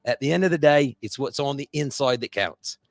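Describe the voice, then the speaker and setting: A man's voice: deep voice, fairly quick, dry recording, studio quality, soft background music. A man putting on a jokey foreign accent to read an ad in a playful, exaggerated way. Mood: hamming it up. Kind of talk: comic ad read.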